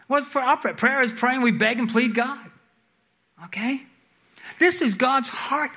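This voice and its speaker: Animated high-voiced male preacher. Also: takes it slowly, pauses often. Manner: animated, rising to emphatic high pleas then dropping low; asks the congregation questions. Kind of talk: sermon.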